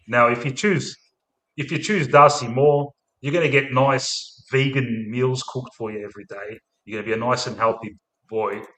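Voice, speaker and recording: An Australian man hosts a casual football livestream, his medium-pitched voice sharp in tone and at normal speed. He rambles, laughs often and calls people "mate" a lot, with a roomy echo on the recording.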